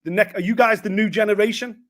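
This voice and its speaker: A man's voice: sits high, steady tone, quick pace, a bit bright. A man hosting an interview who asks long, chatty, winding questions.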